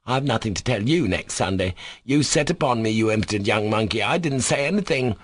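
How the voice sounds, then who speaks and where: A man's voice: medium pitch, expressive, fairly quick, dry recording, clean studio sound, lightly acted. A man voicing an indignant middle-aged market woman who scolds and bawls at a boy in an audiobook reading. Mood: scolding. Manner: scolding, bawling.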